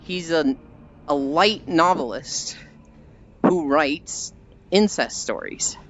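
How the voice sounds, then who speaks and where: A man's voice: a little high, lively intonation, takes it slowly, a bit bright, dull audio, slight background noise. A man streaming while walking, chatting casually with his viewers and rambling through stories in put-on voices. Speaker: livestreamer.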